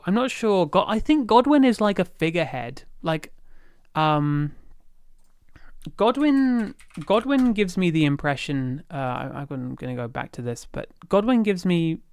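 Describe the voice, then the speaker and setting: Livestream host. Rambling and self-interrupting, with a smooth voice and a dry recording. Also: medium pitch, darkish tone, no room sound. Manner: rambling and easily sidetracked; thinks aloud with many fillers and restarts. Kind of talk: casual lore chat on a livestream.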